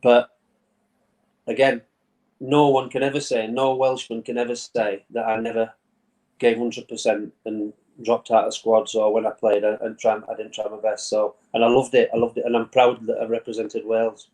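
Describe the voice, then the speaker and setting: A man's voice: mid-range voice, level tone, normal speed, a little mellow, rough recording. A man in his fifties from England, a former goalkeeper chatting as a guest over a video call from a home man cave, telling stories with frequent laughs and repeated words. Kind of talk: casual interview chat.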